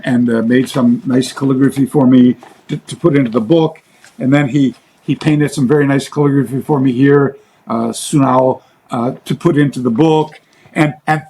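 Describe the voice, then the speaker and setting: A man speaking as an interview guest in a casual chat, rambling and halting, with many fillers and restarts. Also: mid-range voice, darkish tone, slight background noise, low-quality recording.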